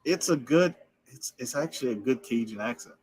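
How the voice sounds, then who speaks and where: A man from Louisiana hosting a podcast in a relaxed, casual chat, often repeating himself and laughing. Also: medium pitch, a little fast, husky. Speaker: podcast host.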